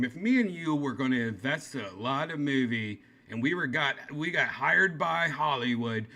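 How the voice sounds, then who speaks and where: A man's voice: mid-range voice, lively intonation, normal speed, few pauses, bright, forceful tone. A man in a casual livestream, talking crudely and teasingly. He sounds exasperated and pushy, with a middling voice. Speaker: streamer.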